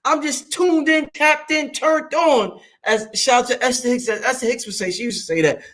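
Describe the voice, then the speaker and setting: A man, hosting a show in a loud, excitable monologue that swings up and down and breaks into laughter. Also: normal speed. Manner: loud, excitable, swings high and low, laughs often, swears freely. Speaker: show host. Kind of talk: animated livestream monologue.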